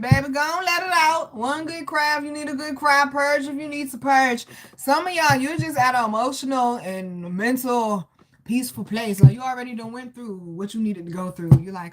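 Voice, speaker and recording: A woman with a somewhat high voice giving a casual live tarot reading. She talks loosely and warmly to her viewers, calling them baby and boo. She breaks off to laugh and to greet people in the chat. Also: expressive, moderate pace, slight background noise. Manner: chatty, calls listeners baby and boo. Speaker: tarot reader.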